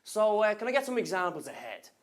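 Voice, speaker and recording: An actor with a Dublin accent playing a brisk, deadpan teacher of Dublin slang in a comedy sketch. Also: male voice, high-pitched. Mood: instructive. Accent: Dublin Irish.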